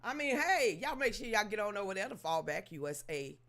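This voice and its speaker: Loud laughing Southern woman host. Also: medium pitch, very animated, fairly quick. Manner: greets viewers in chat by name. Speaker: livestream host. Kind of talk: casual gossipy livestream chat.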